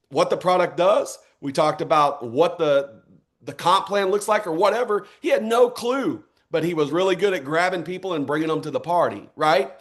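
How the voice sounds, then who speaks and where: Fired-up man giving a pep talk. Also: a little high. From United States. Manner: fired-up, punchy, rallying, with repeated short calls to action. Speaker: motivational speaker at a network marketing event. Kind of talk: energetic motivational speech.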